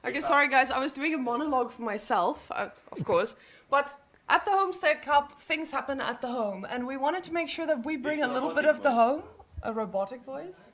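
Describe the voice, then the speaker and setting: A woman's voice: sits high, a little fast, fairly bright tone. A woman hosting a live esports tournament stream, presenting to viewers in a chatty, upbeat way on a handheld mic in an event studio. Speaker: tournament host. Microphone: handheld microphone.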